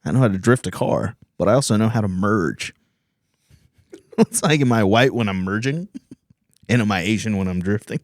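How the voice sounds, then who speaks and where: A man's voice: lowish voice, moderate pace, pauses often, no room sound. Man, comedian, podcast host, from Virginia, profane rambling stories, laughs a lot, dry close sound. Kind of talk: casual comedy podcast chat.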